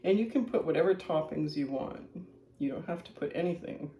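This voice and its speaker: A woman's voice: low-pitched, expressive, a little fast, mellow, echoey room, slight background noise. A woman casually chatting while she cooks at home, rambling and thinking aloud, a little out of breath. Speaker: home cooking vlogger. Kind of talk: casual kitchen chat. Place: home kitchen.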